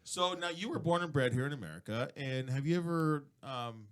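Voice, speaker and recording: A man's voice: medium pitch, animated, a little fast, fairly bright tone, smooth. A man hosting a casual chat show, telling loose, profane stories through laughter. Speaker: podcast host.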